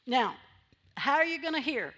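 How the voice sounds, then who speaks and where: A woman's voice: high voice, animated, normal speed, a bit bright. A woman pastor preaching a sermon in church, repeating phrases for emphasis and drawing amens from the congregation.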